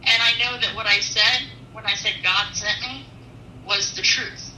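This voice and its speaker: Earnest woman trucker telling her story, bright voice, sounds far off in a roomy space. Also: mid-range voice, steady tone, a little slow, a little hiss or hum. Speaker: truck driver. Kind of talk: storytelling testimony.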